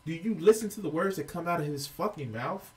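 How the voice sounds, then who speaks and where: A man's voice: a little high, lively intonation, brisk, distant mic. A man giving heated, profane reaction commentary as a video reviewer, exasperated and ranting.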